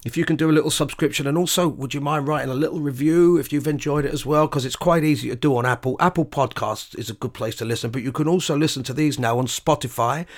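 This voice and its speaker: A man's voice: on the high side, fast talker, hardly any pauses. A man hosting his own podcast, telling a rambling tour anecdote with self-corrections and chuckling asides. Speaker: podcast host and bandleader. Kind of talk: casual anecdotal storytelling.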